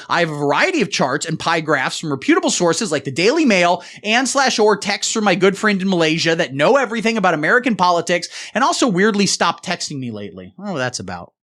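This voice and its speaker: A man's voice: a little high, fairly bright tone. A man hosting a satire show, delivering a political rant in a mock-serious pundit manner.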